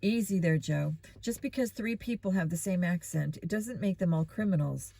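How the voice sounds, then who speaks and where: A woman's voice: on the low side, normal speed, gravelly, warm tone, no room sound. A woman voicing a level-headed teenage boy detective who explains things patiently, in a storybook reading. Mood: calm.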